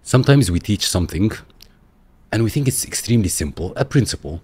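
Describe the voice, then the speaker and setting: Husky low-voiced podcast host. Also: male voice, animated, brisk, a little mellow, no room sound. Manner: short agreeing interjections, exclaims. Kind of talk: podcast interview.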